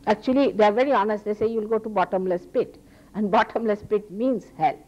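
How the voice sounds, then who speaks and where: A woman with an Indian accent and a mid-range, slightly mellow voice speaks fairly quickly in a spiritual lecture. As a teacher she is earnest and emphatic, repeating phrases for stress, though the archival recording is dull.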